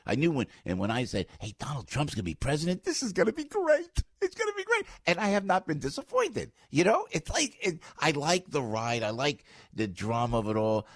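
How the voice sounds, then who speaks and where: A man hosting a talk radio show, delivering an opinionated monologue with lively swings and mocking asides. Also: low-pitched, breathy edge, no room sound, clean studio sound. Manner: animated, mocking voices, loud outbursts.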